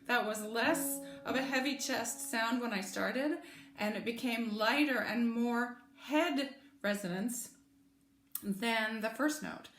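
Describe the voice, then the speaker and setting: A woman's voice: on the high side, slow, fairly bright tone. A woman teaching a singing lesson, patiently explaining and demonstrating vocal sounds. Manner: patient, encouraging, demonstrates with sung vowels and cat meows. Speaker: choir voice teacher. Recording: echoey room with music in the background.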